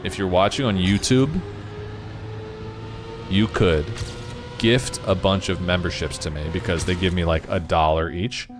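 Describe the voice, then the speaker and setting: Male streamer, deep voice, rambling casual chat over loud game music. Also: a little slow, pauses often. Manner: chatty, rambling, talks to chat. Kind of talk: casual live-stream chat while gaming. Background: game music and car sounds.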